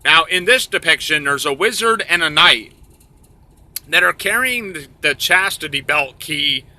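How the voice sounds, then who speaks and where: A man telling a crude comic story in a rambling, profane way. He talks slowly with lots of pitch movement, and his voice is very bright. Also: expressive.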